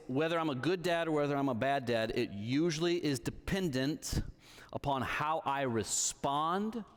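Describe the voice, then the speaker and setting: A man in his thirties preaching a sermon in a church hall, telling stories conversationally and checking in with his listeners. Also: mid-range voice. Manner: conversational storytelling, checks in with the audience.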